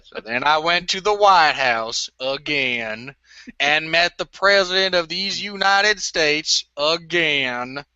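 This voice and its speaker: A slow-talking, dim-witted Southern man, earnest and simple, as a man puts him on. His tone is bright and tense, and the recording is dry and a little muffled. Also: fairly high pitch, clear, resonant tone, no echo, full character voice. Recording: dull lo-fi dry audio.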